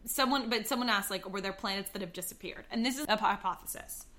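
A woman's voice: medium pitch, fast, sharp tone. A woman co-hosting a casual podcast, explaining facts in a chatty way with frequent ums. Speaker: podcast co-host. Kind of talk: casual chat.

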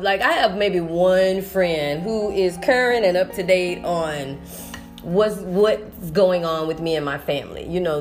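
A woman teacher talking through a personal vlog monologue, emotional and rambling, restarting her sentences often. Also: medium pitch. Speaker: sixth-grade teacher.

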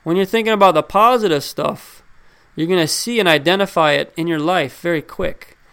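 Delivering a relaxed motivational talk, this male self-help speaker has a high, smooth, resonant voice with a fairly bright tone and a fairly quick pace. He keeps it loose and conversational, putting questions straight to his audience and hammering his points home by repeating key words.

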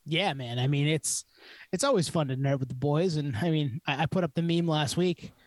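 A man with a fairly high voice jokes and rambles through a casual podcast chat. The sound is dry and close. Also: normal speed, darkish tone, no echo. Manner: joking, rambling. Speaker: podcast co-host.

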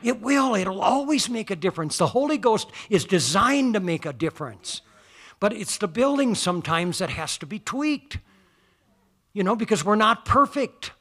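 Male preacher, bright forceful tone, slightly high voice, folksy and emphatic, church sermon. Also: sing-song, moderate pace. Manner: folksy, emphatic, rising to loud declarations.

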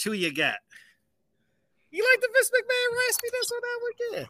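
A man hosting a casual wrestling talk show, animated, slangy and quick to laugh. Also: extremely high pitch. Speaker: podcast host. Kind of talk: casual chat.

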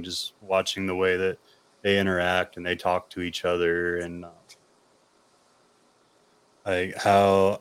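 Low, smooth-voiced American man. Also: fairly bright tone. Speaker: podcast guest. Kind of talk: casual conversation.

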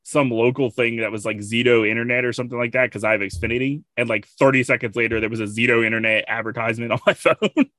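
A man's voice: mid-range voice, quick pace, hardly any pauses, bright, forceful tone, dry recording. A man hosting a podcast in casual chat. He laughs often and reads out strange news headlines. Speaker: podcast host.

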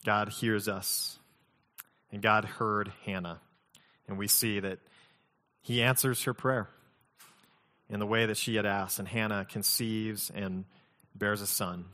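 Male pastor, low voice, relaxed conversational preaching with light humor, long hall reverb. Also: unhurried, pauses often. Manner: conversational, mixes scripture reading with humorous personal stories. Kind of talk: sermon.

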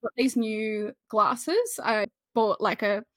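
Chatty woman, slightly high voice. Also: slow, a bit bright, dry recording, studio quality. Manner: chatty, self-mocking, rambling. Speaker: podcast co-host. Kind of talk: casual chat.

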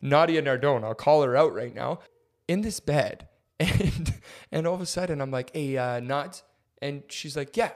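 On a podcast he co-hosts, a young man shares a story in an easygoing manner at a normal speed. His delivery is animated, and quoted lines get acted out with large jumps in his voice.

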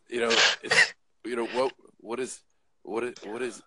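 A man's voice: on the low side, fairly quick, a crowd in the background. A man who drives trucks, telling jokey, rambling stories in a casual chat. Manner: rambling, jokey, lots of uh and restarts. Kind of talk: casual joking storytelling.

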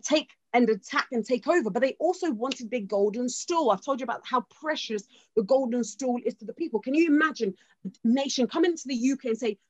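A woman's voice: high-pitched, expressive, fairly quick, a little mellow, dry recording. A woman giving an informal history talk in an emphatic way, often checking in with her listeners. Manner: emphatic, keeps checking in with "okay?". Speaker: speaker. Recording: dull lo-fi dry recording.

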